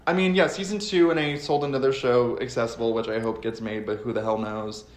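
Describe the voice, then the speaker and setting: A man in casual podcast chat as a guest, animated and swearing freely, slipping into exaggerated voices when quoting people. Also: medium pitch, fairly quick. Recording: roomy echo.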